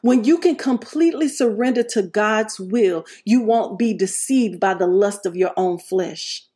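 A woman's voice: medium pitch, mellow. A woman preaching a sermon with emphasis, repeating key lines and punctuating them with hallelujah. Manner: slows and stretches words for emphasis.

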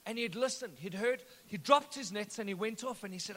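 A high-voiced man preaches a sermon in a large hall, and his voice rings out with a long echo. He tells the story with joking asides and a bright, forceful edge. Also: brisk, hardly any pauses. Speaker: pastor. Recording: echoey hall.

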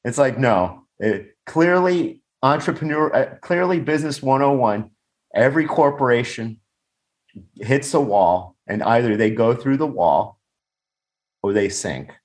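A man's voice: medium pitch, lively intonation, unhurried. A man chatting on a video call, blunt and rambling, laughing often and swearing casually. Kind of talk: casual podcast chat. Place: home or office, on a video call. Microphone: video call microphone.

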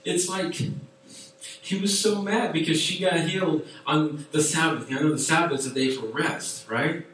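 A man preaching to a youth group in a chatty, animated way with many fillers. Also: a little high, unhurried. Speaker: youth pastor. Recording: echoey room from far off.

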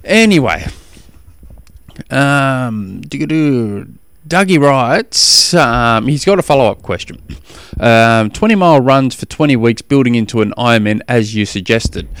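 A man's voice: mid-range voice, expressive, a little slow, a bit bright, smooth, no echo. Give me a chatty Australian man hosting a podcast, rambling, with a dry, close sound. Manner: rambling and chatty, with frequent restarts. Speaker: podcast host. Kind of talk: casual podcast chat.

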